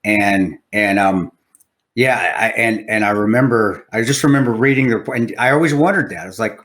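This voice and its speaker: A man's voice: lowish voice, moderate pace, fairly bright tone. Encouraging podcast host man. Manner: encouraging, frequent yeahs and laughs. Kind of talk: casual interview chat.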